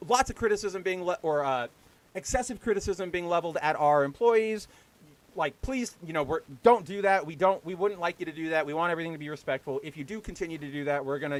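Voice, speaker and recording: A man with a fairly high voice rants on his livestream show. His talk is heated and full of swearing. He mocks the people he complains about with exaggerated quoted voices. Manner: heated, profane, with mocking put-on quotes. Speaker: podcast host. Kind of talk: casual ranting livestream talk.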